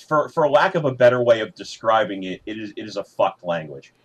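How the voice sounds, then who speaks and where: Low husky-voiced podcast host man. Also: normal speed. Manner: relaxed, explains patiently, swears casually. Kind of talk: casual chat.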